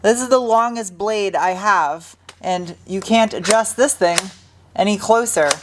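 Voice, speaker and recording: A woman's voice: medium pitch, a little slow, noisy background. A young adult woman casually narrating her truck restoration in a garage, joking and talking to herself as she works. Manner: chatty, joking, talks to herself while working. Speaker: car restoration vlogger.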